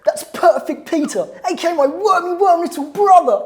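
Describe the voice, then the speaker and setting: A cheeky, naughty young boy, as a man puts him on mocks his little brother in a high, bratty voice. The voice sits well above the performer's own, in a film-character impression. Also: lively intonation, normal speed, very noisy.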